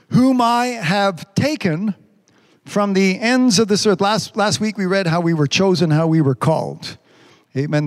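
A man preaching a sermon, reading scripture slowly and stretching the words, with frequent amens. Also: high voice, big-room sound. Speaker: pastor.

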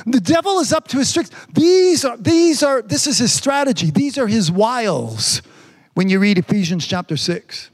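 A man preaching a sermon with emphatic repetition, frequent hallelujahs and words drawn out slowly for emphasis. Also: very high-pitched, very animated.

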